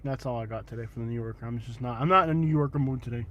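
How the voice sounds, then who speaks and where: A man's voice: mid-range voice, rapid-fire, dull audio. A man live-streaming from his car, chatting in a rambling, jokey way and laughing often. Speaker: livestreamer. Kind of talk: casual live-stream chat. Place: in a car, driving.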